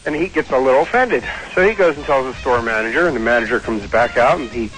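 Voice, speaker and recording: A man calling into a radio show, telling a joke in a halting way with restarts. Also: medium pitch, expressive, fairly bright tone, soft background music, poor audio. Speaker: call-in contestant.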